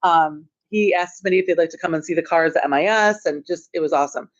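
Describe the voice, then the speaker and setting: A woman school administrator telling the school board a story in a chatty, excitable way, filling her talk with "like". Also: lowish voice, fast talker. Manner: chatty and excitable, heavy use of "like". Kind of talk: storytelling report at a board meeting. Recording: dull, muffled meeting audio.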